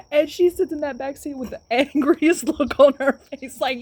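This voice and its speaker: High-voiced, laughing woman. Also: steady tone, normal speed, darkish tone. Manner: laughing often through the story. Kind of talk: casual storytelling.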